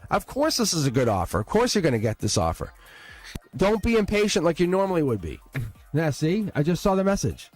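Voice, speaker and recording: A man giving a live-stream tarot reading, excitable and blunt, swearing and laughing as he talks to viewers. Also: on the high side, fairly quick, faint music behind. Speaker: tarot reader.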